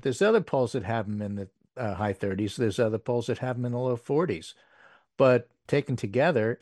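A man's voice: on the low side, normal speed, darkish tone, dry recording. Dry, wry man reading the numbers. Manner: wry, dry asides with fillers. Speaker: political podcast host. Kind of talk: casual political commentary, reading poll numbers.

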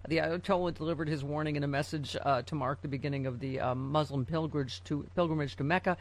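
A woman's voice: sits low, fairly even intonation, fast. A woman hosting a news talk show, reading headlines aloud and adding sarcastic asides with frequent fillers.

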